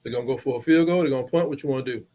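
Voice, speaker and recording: A man's voice: mid-range voice, rapid-fire, mellow. A man hosting a live game watch-along, rambling through casual stories in colloquial slang. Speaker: live stream host.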